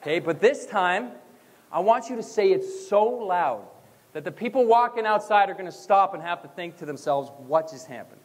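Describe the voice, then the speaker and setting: Energetic young man giving a graduation speech. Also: sits high, normal speed. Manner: energetic, leads chants with the crowd. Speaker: motivational speaker. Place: school gym or auditorium. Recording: long hall reverb.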